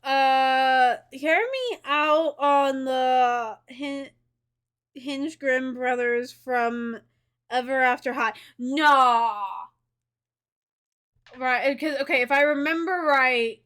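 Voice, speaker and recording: A young woman streamer chatting casually with a guest, animated and playfully teasing, often laughing. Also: high-pitched, drawn-out words, clean tone.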